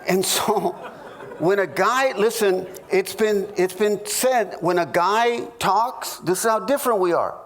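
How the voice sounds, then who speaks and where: A middle-aged man, a pastor, teaching a marriage class in a humorous sermon, telling stories with halting restarts and jokey asides. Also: high-pitched, a faint crowd.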